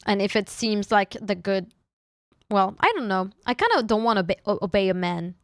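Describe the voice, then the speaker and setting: A woman's voice: medium pitch, normal speed, no room sound, studio quality. A young woman, streaming in casual chat, playfully teasing her viewers and often restarting her sentences. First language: French. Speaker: VTuber streamer.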